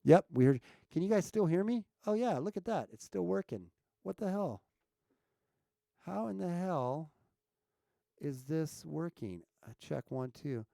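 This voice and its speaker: On a live stream from a home setup with a streaming mic, a man chats casually with viewers, checking his mic and asking the chat questions as he goes. His voice is fairly high, creaky, and warm, with clean studio sound and no room sound.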